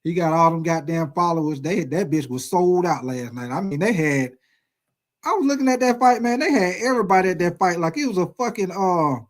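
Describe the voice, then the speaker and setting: High-pitched guy in his 40s ranting about a fight, cussing a lot, storytelling vibe. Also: fairly quick. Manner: profane, animated storytelling with lots of swearing. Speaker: sports video host. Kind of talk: casual sports commentary rant.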